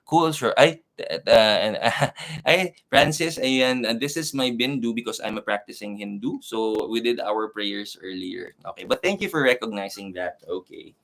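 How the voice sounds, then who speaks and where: A man's voice: fairly low pitch, normal speed, gravelly, fairly bright tone. A young man with a Filipino accent, a Reiki master and tarot reader chatting casually with viewers on a live stream, switching between English and Tagalog and laughing often. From Philippines.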